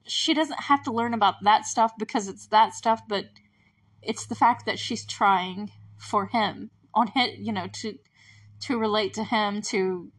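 Young woman, podcast host, casual rewatch chat, giggly, lots of fillers, mid-pitched voice. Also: measured pace. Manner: chatty and giggly, many fillers.

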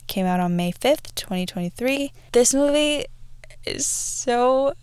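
Casual podcast host, young woman, rambling chat, slightly high, smooth voice, dry close sound. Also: expressive, a little slow, a little mellow, no room sound. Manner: chatty, rambling, many fillers and restarts. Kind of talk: casual movie review chat.

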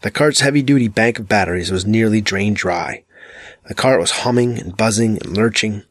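A man reads a dark novel aloud in a measured, dramatic way. His voice sits on the low side. The sound is dry and close, with no room around it. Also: no echo. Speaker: audiobook narrator. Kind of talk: scripted narration.

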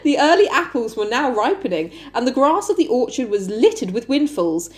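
A woman's voice: on the high side, big pitch swings, normal speed. Giggly woman reading a book aloud. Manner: giggly, chatty, reads with asides. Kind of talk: casual podcast reading and chat.

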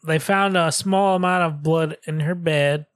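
A young man co-hosts a podcast, telling the details of a case in a loose, crude way. His voice sits fairly high. The sound is dry and close, with no room around it. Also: steady tone, unhurried, fairly bright tone, clear, resonant tone, no room sound. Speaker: podcast co-host. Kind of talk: casual podcast chat.

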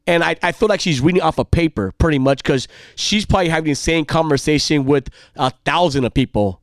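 A man telling a rambling personal story in a casual way. He repeats himself and gets louder and more heated as the story builds. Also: fairly high pitch, fairly quick, few pauses, no echo, studio quality. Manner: rambling, animated, repeats himself, heats up when recounting anger.

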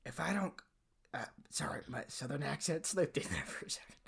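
A man voicing a young adult son bear leaving on a quest, who speaks softly and hesitantly with many fillers. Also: fairly high pitch, expressive, fairly quick, creaky, slightly rough, exaggerated voice. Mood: tender.

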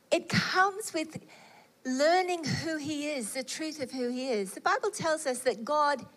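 A woman's voice: high voice, a bit bright. A middle-aged woman preaching a sermon, telling personal stories with earnest, acted-out inner dialogue.

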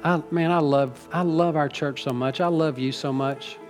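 A man's voice: fairly high pitch, steady tone, moderate pace, soft background music. A middle-aged man preaching a sermon to his church, folksy and rambling, teasing the congregation and getting emotional. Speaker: pastor. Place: church sanctuary.

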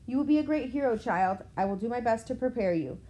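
A woman voicing a weary, wise old male centaur teacher who speaks calmly and firmly. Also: on the high side, natural voice, poor audio. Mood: grave. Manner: calm, measured, gently firm.

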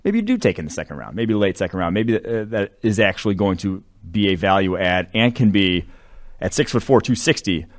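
A man's voice: lowish voice, sing-song, a little fast. A man co-hosting a sports podcast, breaking down draft prospects in loose, rambling talk with lots of fillers. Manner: rambling, filler-heavy analysis. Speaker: co-host. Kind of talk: casual sports podcast chat.

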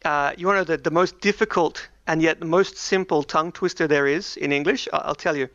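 A man co-hosting a casual podcast, teasing the others and speaking slowly when giving instructions. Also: fairly high pitch, fairly even intonation, a bit bright, no echo, highs cut off. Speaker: podcast co-host. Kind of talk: casual chat.

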